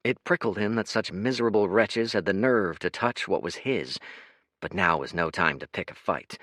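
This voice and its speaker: Deep-voiced male audiobook narrator. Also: normal speed, a bit bright, dry recording, clean studio sound.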